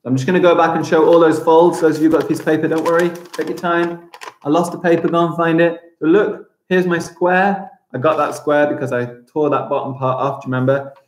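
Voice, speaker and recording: A man's voice: a little high, steady tone, fairly quick, a little hiss or hum. A man teaching a live-streamed primary school craft lesson, chatting as he narrates each step aloud. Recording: roomy echo.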